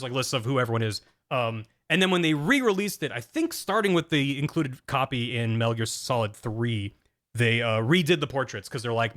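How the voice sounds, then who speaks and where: Young guy streamer rambling about his own video, lots of ums, kinda high voice. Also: fairly bright tone. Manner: rambling, self-deprecating, many fillers and laughs. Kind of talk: casual stream commentary.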